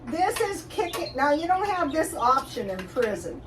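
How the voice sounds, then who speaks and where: A woman's voice: high voice, big pitch swings, moderate pace. An older woman vlogging casually from her kitchen, chatty and rambling, with lots of fillers and restarts. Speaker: YouTube vlogger. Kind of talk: casual cooking and budget chat. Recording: distant mic with faint background noise.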